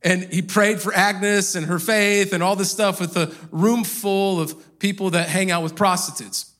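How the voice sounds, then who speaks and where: A man's voice: high-pitched, fairly even intonation, measured pace, fairly bright tone. A male pastor preaching a sermon in a church, telling a story in a loose, conversational way. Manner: conversational storytelling with casual fillers.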